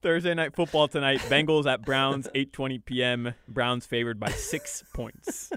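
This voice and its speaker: A man's voice: medium pitch, fairly even intonation, moderate pace, a bit bright, smooth, no room sound. A man co-hosting sports radio, reading game times, odds and weather in a matter-of-fact way. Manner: teasing, matter-of-fact reader. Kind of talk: reading scores and weather between banter.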